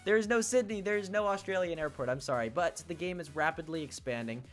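A man's voice: on the high side, quick pace, fairly bright tone, soft background music. A teenage boy streaming a game, chatting casually with viewers and thinking aloud as he plays. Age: teens. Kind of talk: casual live-stream chat. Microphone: desk mic he must face toward.

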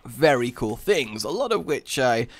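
A man's voice: mid-range voice, sing-song, measured pace, soft background music. A man giving comedic gameplay commentary, goofy and rambling, with silly sing-song bits. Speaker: gaming YouTuber.

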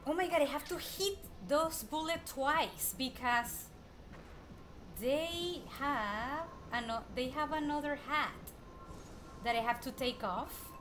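A woman streaming a video game, excitedly chatting to the enemies she fights and repeating herself when frustrated, with game music faintly behind her. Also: high voice, takes it slowly. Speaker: gameplay streamer. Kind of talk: live gameplay commentary.

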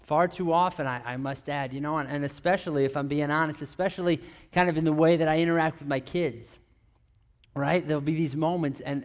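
A man giving a conversational sermon in a high, light voice. He keeps turning to the audience with questions like "right?" and drops in playful, teasing asides, stumbling and restarting as he goes. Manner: chatty, asks the audience questions, many restarts. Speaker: pastor.

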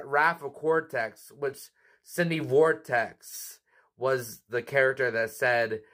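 A man hosts a cartoon review channel, chatting casually with frequent laughs and quick asides. His voice is mid-range with a fairly bright tone.

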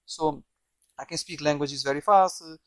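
In a casual walkthrough of some software, a developer from Portugal meanders along at a moderate pace, with frequent restarts and repeated words; Portuguese is his first language. His voice is slightly high and a little bright, recorded on a poor microphone without any room sound.

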